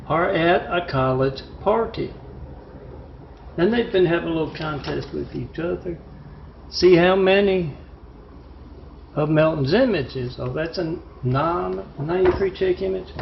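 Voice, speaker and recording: A man's voice: on the high side, lively intonation, unhurried, gravelly, long pauses, highs cut off, a little hiss or hum. A man telling a meandering, conspiratorial monologue as a vlogger, with many fillers and restarts. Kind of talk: rambling monologue.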